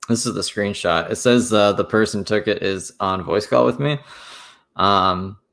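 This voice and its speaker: Low-voiced man ranting on stream. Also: measured pace, vocal fry, a bit bright. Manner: profane, rambling, recounts drama. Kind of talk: casual livestream commentary.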